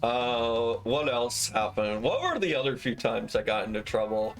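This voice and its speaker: A man's voice: mid-range voice, big pitch swings, normal speed, faint music behind. A young man livestreaming, telling casual stories animatedly, swearing freely and acting out quoted lines. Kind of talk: casual storytelling on stream.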